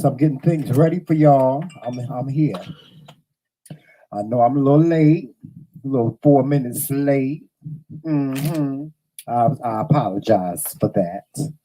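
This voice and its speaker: A man in his fifties drawls through a relaxed livestream chat, unhurried and easygoing. His voice is very dark and mellow, with a husky edge. He greets his viewers one by one in a casual, talkative way. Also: mid-range voice, low-quality recording. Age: 50s. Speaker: livestream host. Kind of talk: casual chat to a live audience. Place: at home.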